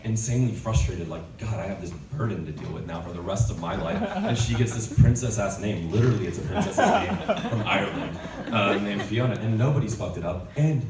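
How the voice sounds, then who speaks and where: A man performing a stand-up comedy set, telling stories with sudden shouted punchlines and plenty of swearing. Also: on the low side, very animated, a little fast, echoey room, recorded from a distance, over a noisy crowd. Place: comedy club stage.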